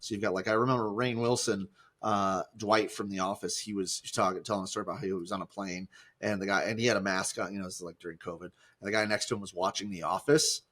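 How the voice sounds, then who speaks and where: A man's voice: on the low side, steady tone, fast, fairly bright tone. A man co-hosting a podcast in casual, rambling chat, cracking jokes and putting on silly voices. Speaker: podcast co-host.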